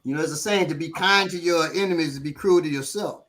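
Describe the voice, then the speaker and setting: A man telling lively street stories in a casual discussion as an instructor, swearing freely and acting out the people he quotes. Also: fairly high pitch, fast. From Chicago.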